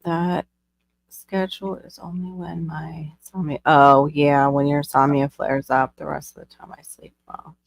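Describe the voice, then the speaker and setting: A woman with a lowish, gravelly voice chatting away on a live stream. She is bubbly and talkative and laughs easily. Her voice sounds close and dry, with no room around it. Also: little pitch movement, moderate pace, dry recording. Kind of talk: casual chat.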